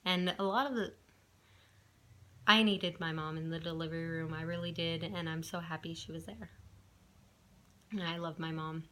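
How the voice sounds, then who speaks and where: A woman's voice: low-pitched, steady tone, moderate pace, long pauses, a bit bright. Chatty young woman vlogging. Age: young adult. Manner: chatty, frequent fillers and restarts. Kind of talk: casual storytelling to camera.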